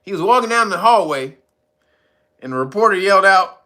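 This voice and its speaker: A man's voice: high-pitched, a little fast. A man giving casual comedic commentary, swearing freely and laughing constantly. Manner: profane, laughs constantly, animated.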